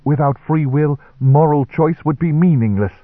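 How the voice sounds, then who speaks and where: A man's voice: fairly high pitch, moderate pace, no echo, pitched above the performer's own voice, close to an everyday voice. Man doing a stern, preachy reverend. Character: earnest male reverend, stiff and reproving. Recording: dry, tinny narrow-band recording.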